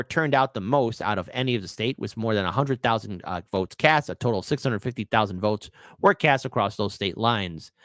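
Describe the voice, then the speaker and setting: A man's voice: medium pitch, fairly bright tone, dry recording, clean studio sound. A man hosting political commentary, reading news aloud and breaking into scornful, mocking rants. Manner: mocking, sarcastic asides.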